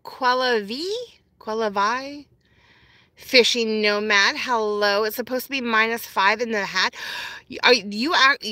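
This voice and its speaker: A woman's voice: a little high, bright, forceful tone, dry recording. A woman from Canada, chatting on a live stream from her phone, greeting viewers and answering their comments. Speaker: vlogger.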